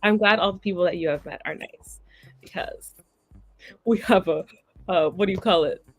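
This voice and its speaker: A woman's voice: fairly low pitch, moderate pace. A young Canadian woman hosting a livestream, chatting casually and laughing often between remarks. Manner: chatty, laughs often, talks to her pets. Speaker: livestream host. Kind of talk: casual chat reading chat messages.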